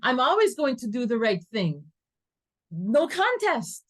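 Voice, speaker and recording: A woman with a slightly high voice, teaching a class in an animated storytelling style. She laughs easily, leans into her stories and mixes Hebrew terms into her talk. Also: a little slow. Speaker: Torah teacher. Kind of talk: lively class lecture. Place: classroom with students.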